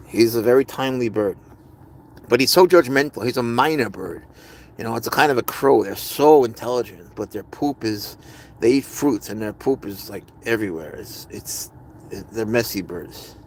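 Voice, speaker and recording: A man chats casually on a live stream, rambling from one thought to the next as he answers his viewers. His voice sits at a middle pitch. A faint ambient hum runs behind him. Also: animated, normal speed. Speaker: livestream host.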